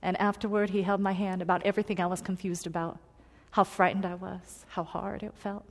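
A woman preaching a personal story in a sermon, earnest and confiding, moving between loud emphasis and hushed tones. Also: medium pitch, flat delivery, brisk. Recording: long hall reverb.

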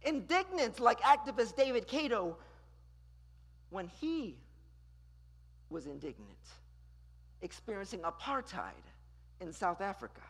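A preacher delivering a sermon, dramatic and questioning, who swings between loud declarations and hushed lines. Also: medium pitch, very animated, a little slow, pauses often, breathy edge. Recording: long reverb in a large hall.

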